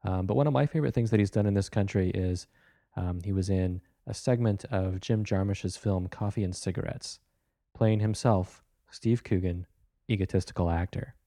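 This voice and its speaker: A man hosting a film show, introducing a guest in a relaxed, conversational way with fillers. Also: sits low, normal speed, no room sound, studio quality. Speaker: radio film show host.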